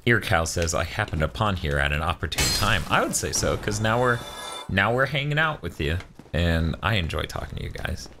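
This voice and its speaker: A man's voice: deep voice, animated, brisk, over music. A man co-hosting a casual gaming stream, reading viewer messages aloud and adding joking asides. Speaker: stream co-host reading chat.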